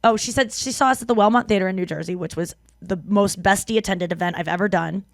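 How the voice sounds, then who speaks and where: Female podcast host, casual and animated, reads fan mail with asides, dry close mic. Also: mid-range voice, quick pace, creaky, dry recording. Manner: animated, laughing, reads letters aloud with asides. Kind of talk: casual podcast chat, reading listener mail.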